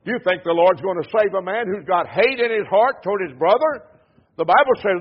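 A preacher delivering a sermon, stressing some words loudly and letting others trail off low. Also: male voice, sing-song, a little fast, slightly rough. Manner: emphatic preaching that swings between loud stresses and low trailing endings. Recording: tinny phone-like sound.

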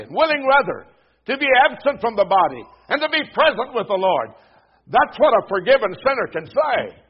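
A man's voice: sits high, slightly rough. A man preaching a sermon at a church service, earnestly exhorting the congregation and reading scripture aloud. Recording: dull lo-fi sermon recording.

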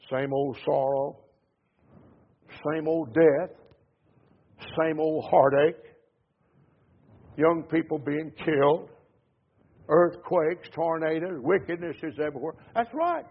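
A preacher delivering a sermon, stressing some words loudly and letting others trail off low. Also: male voice, takes it slowly, long pauses, husky. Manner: emphatic preaching that swings between loud stresses and low trailing endings. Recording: tinny phone-like sound.

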